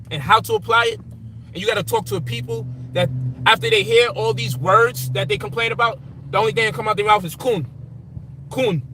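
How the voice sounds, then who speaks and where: Heated, high-voiced man ranting. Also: bright, forceful tone, slight background noise. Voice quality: profane, emphatic, heated. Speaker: commentator. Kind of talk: frustrated personal rant.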